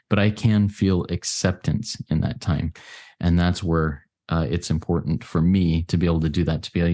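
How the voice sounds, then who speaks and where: A man from the United States giving an earnest, reflective share at a recovery meeting, often pausing and restarting his sentences. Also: sits low, steady tone, darkish tone. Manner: earnest, halting, with many restarts.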